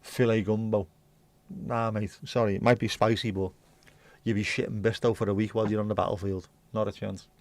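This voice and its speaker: A man's voice: on the low side, little pitch movement, a little fast, a little mellow, dry recording. A man hosting a livestream, chatting bluntly and rambling through viewer comments with the odd swear. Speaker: livestream host. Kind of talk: casual chat reading viewer comments.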